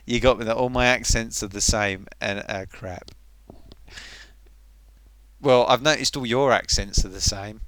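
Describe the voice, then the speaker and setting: Bright-voiced man rambling on a stream. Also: lowish voice, unhurried, long pauses, no echo. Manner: rambling, self-mocking. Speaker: live streamer. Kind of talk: casual live-stream chat.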